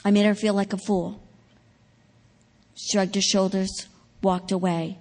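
A woman gives a sermon testimony in a big hall, and her voice trails off into a long reverb. She tells her story dramatically and swells loud at the key moments. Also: mid-range voice, level tone, a little slow, long pauses. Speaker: preacher.

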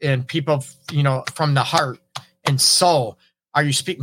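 A man's voice: fairly high pitch, fairly even intonation, measured pace, fairly bright tone. A middle-aged man, a relationship counselor hosting an advice talk, speaking conversationally and often checking in with "right?" while acting out example phrases. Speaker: relationship counselor and show host. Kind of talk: casual advice monologue.

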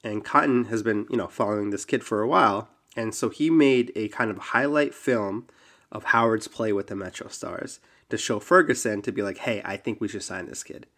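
A man's voice: lowish voice, normal speed, a bit bright. A man casually telling a long story on a podcast, with frequent ums and likes. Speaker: podcast host.

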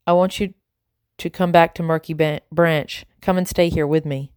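A woman's voice: lowish voice, fairly even intonation, moderate pace, clean tone, dry recording, natural voice. Woman voicing a distraught young boy, storybook, pleading, raised voice, dry close audio. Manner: pleading, rising to shouting. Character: upset young boy confronting his father.

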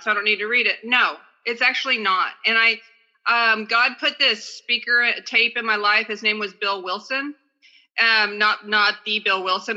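Fast-talking woman on a video call. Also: a little high, sharp tone, muffled recording. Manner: fast, chatty and self-deprecating. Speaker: recovery meeting speaker. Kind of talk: casual talk and reading aloud. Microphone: phone on a video call.

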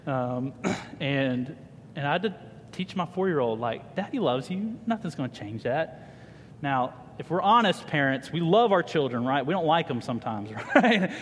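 Addressing his congregation in a reverberant church hall, a thirtysomething pastor weaves humorous family anecdotes into his sermon with animated energy. His voice is on the high side at a moderate pace, with slight background noise.

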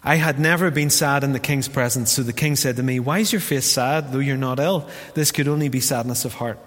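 A man with a Northern Irish accent preaching a lively, jokey sermon as pastor, acting out the quotes he tells. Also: mid-range voice, a little fast. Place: church hall. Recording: long hall reverb.

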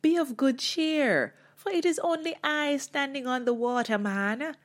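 A woman voicing a calm, reassuring teacher. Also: high-pitched, measured pace, pitched above the performer's own voice.

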